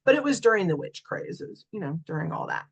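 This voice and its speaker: A woman's voice: on the low side, sing-song, fast talker, vocal fry, breathy edge. Chatty woman telling a story. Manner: chatty, many fillers like "right?" and "like". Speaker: podcast guest. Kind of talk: casual storytelling.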